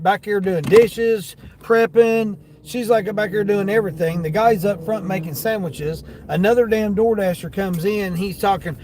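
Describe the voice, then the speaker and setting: A man's voice: high-pitched, normal speed, darkish tone. A man who hosts a driving livestream, chatting casually and grumbling with curses about other drivers and customers from inside his car. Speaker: delivery driver and livestream host.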